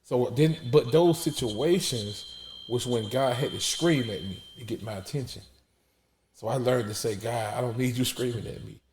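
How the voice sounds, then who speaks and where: A man's voice: medium pitch, moderate pace, darkish tone. A man, testifying in an emphatic preaching style that repeats words and drops almost to a whisper when emotional. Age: 40s.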